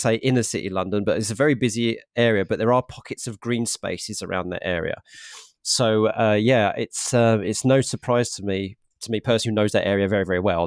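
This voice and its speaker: A man with an Essex accent hosting a podcast interview, chatty and quick to laugh, often restarting his sentences. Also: fairly low pitch, no room sound, clean studio sound. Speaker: podcast host. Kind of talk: casual interview chat.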